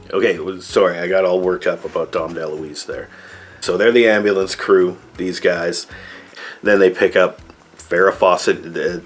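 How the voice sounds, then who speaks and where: Middle-aged man, lowish voice, rambling, sarcastic, swears, casual review. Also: a bit bright. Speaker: movie reviewer. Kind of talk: casual spoken movie review.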